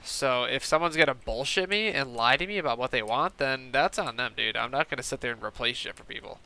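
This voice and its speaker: A man's voice: mid-range voice, fairly quick, pushed and bright. A man streaming a game and chatting casually with a friend, swearing a lot and telling stories emphatically. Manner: heavy swearing, emphatic storytelling. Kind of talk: casual chat while gaming.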